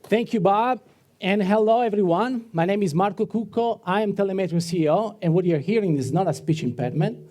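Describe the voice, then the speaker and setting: Italian-accented male founder, high mellow voice, polished storytelling pitch. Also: brisk, some chatter behind. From Italy. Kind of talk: rehearsed pitch presentation. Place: event hall on stage.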